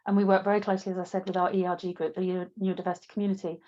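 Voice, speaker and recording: A woman speaking as a panel guest, talking in a steady, measured corporate way. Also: fairly low pitch, highs cut off. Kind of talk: panel interview.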